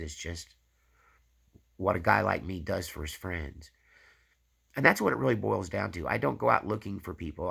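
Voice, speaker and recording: A man's voice: deep voice, gravelly, fairly bright tone, husky. A man hosting his own channel, giving a rambling personal faith testimony full of tag questions. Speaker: channel host.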